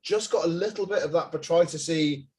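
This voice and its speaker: A man's voice: fairly high pitch, fairly quick, a little mellow. A man co-hosting a live wine tasting, chatting casually, laughing often and reading out viewer comments. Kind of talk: casual live-stream chat.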